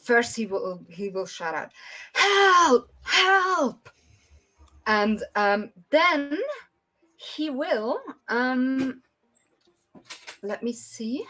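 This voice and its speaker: A woman running a tabletop game as dungeon master over a video call, talking in a deliberate way with frequent ums. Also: on the high side, a bit bright.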